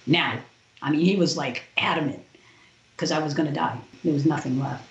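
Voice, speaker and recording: A woman, a podcast guest, telling a personal story in an animated way and acting out the other people's lines. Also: low-pitched, a little fast. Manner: animated retelling with quoted voices. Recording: roomy, dull lo-fi sound.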